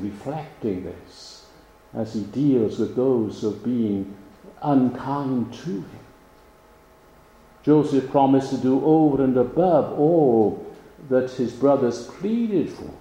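Slow, dark-voiced male preacher. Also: mid-range voice, creaky. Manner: slow, measured delivery with emphatic pauses. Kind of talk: sermon. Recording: roomy, echoey sound.

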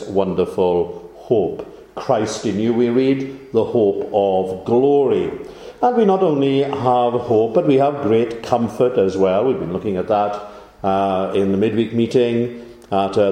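Male preacher, lowish mellow voice, measured with many pauses, echoey hall. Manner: measured delivery with frequent "uh" pauses, rising for emphasis. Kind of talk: sermon.

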